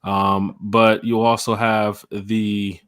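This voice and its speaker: A man co-hosting a casual fan chat, talking in a relaxed, halting way. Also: lowish voice, clear, resonant tone, no echo, studio quality.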